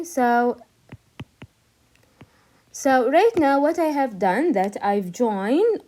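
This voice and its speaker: With a fairly high, mellow voice, an Arabic-speaking woman teaches English grammar. She takes her time explaining and restates every point in English and then in Arabic.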